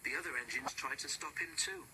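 A man narrating a storybook with lively, expressive reading. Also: medium pitch, a little fast, a little hiss or hum, poor audio.

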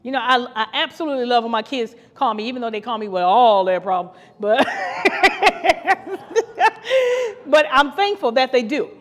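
A woman's voice: fairly high pitch, fast talker, hardly any pauses. Fervent woman preacher in a reverberant hall. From Ohio, USA. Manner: fervent, repetitive, laughing preacher. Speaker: co-pastor. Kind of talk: podcast sermon.

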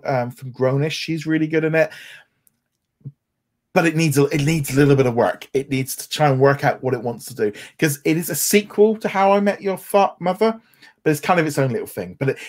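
A man's voice: fairly high pitch, darkish tone. A man from England co-hosting a podcast, talking casually in a rambling way with many restarts. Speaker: podcast co-host. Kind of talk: casual chat.

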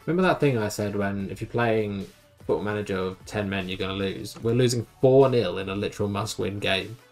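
Over faint background music, a gaming YouTuber delivers let's play commentary on a football management game. The young man speaks briskly in a lowish voice, sounding exasperated as he grumbles about his team.

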